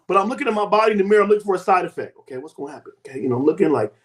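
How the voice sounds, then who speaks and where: A man in his fifties, a guest giving a lively personal testimony and acting out the people in it. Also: high-pitched, racing, few pauses. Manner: animated storytelling, acts out quoted voices.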